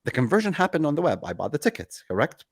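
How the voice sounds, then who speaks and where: A man talking casually as a guest in an interview, telling a story with lively energy and acting out both sides of the conversation. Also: fairly high pitch, fast talker, husky, dry recording, studio quality. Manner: animated, acts out both sides of anecdotes. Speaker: guest, company CEO.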